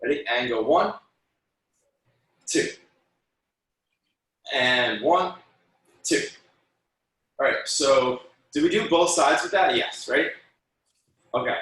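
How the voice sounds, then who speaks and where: A man's voice: on the high side, expressive, measured pace, pauses often, a bit bright, recorded from a distance. A man teaching a taekwondo class over a video call, counting out moves and correcting students by name in an encouraging way. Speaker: taekwondo instructor. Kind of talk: online martial arts class instruction. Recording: very echoey room, voice from off the mic.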